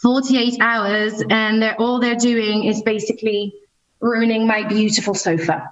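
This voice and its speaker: A woman's voice: a little high, a little slow, highs cut off. A woman from France with a British English accent, a cheerful podcast guest talking over a video call. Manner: cheerful, lively.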